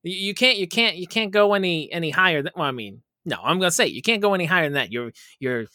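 A young man co-hosting a podcast, talking in a loose, joking way. His voice is on the high side and swings widely in pitch, with a bright edge. The sound is dry and close. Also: fast talker, no room sound. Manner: joking, animated, swears. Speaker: podcast co-host. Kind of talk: casual chat.

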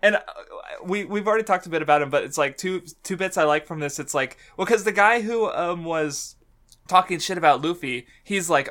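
An excitable man talks casually on a podcast, laughing a lot and swearing freely. His voice sits a little high and rings bright and forceful. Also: brisk. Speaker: podcast co-host. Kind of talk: casual chat.

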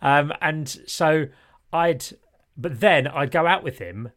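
A man's voice: on the high side, slow, fairly bright tone. A man co-hosting a podcast in casual chat, talkative and self-mocking, often laughing. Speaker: podcast co-host.

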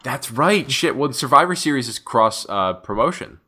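A man co-hosting a casual chat show, talking in an excitable, rambling way and swearing freely. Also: mid-range voice, normal speed, husky. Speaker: podcast co-host. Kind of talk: casual chat about wrestling.

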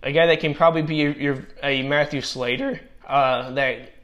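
Losing his voice, a man halts and restarts often while casually commenting on and grading football draft picks. He has a medium-pitched, somewhat bright voice with fairly even intonation, and the highs in the audio are cut off.

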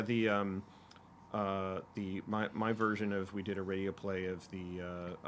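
A man's voice: low voice, fairly bright tone, a little hiss or hum. A man in his fifties chatting casually, telling long rambling stories full of fillers and restarts. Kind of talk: casual chat.

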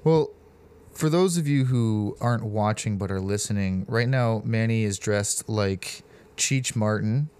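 A man's voice: lowish voice, measured pace, a little mellow, smooth. Podcast host guy ribbing his guest, blunt, swears a bit. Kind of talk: casual chat.

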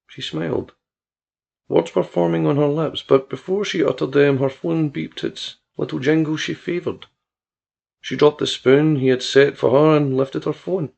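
A male narrator reads a story at a measured, even pace. His voice is strongly gravelly. The recording sounds dull and lo-fi. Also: medium pitch. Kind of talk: audiobook narration.

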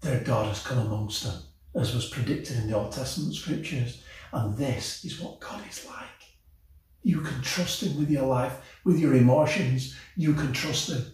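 A man preaching a sermon with passion, swelling to emotional peaks and dropping low and soft. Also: moderate pace. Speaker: pastor. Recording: very echoey, from a distance.

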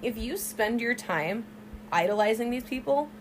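A young woman co-hosting a casual true-crime podcast, telling the story in an animated way with swearing and side remarks. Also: on the high side, moderate pace, background noise. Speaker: podcast co-host.

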